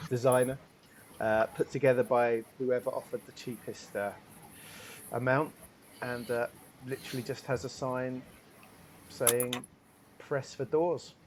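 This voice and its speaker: A man's voice: medium pitch, slight background noise. Hesitant male game master. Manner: hesitant, many fillers, descriptive. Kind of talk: narrating a tabletop game.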